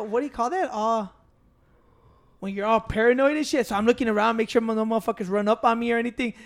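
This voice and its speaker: Guy talkin quick with lots of slang and cussing, joking around. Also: extremely high pitch, a bit bright. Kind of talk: casual storytelling chat. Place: Chicago.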